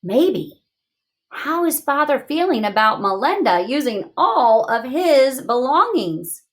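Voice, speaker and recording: A woman teaching young children in a read-aloud lesson, asking questions in an expressive, encouraging way. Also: high-pitched, slow pace.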